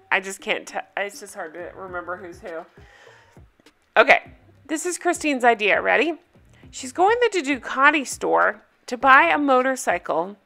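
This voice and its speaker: A woman's voice: on the high side, pushed and bright. Blunt, swearing woman recapping TV. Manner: blunt, emphatic, swears freely. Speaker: reality TV recap host. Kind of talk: casual video recap commentary.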